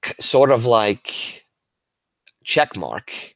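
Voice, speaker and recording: A man's voice: medium pitch, sing-song, extremely slow, fairly bright tone, no room sound. A male teacher presenting a webinar to other educators, talking casually and enthusiastically while he demonstrates tools on screen. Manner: casual and enthusiastic, with frequent restarts and fillers.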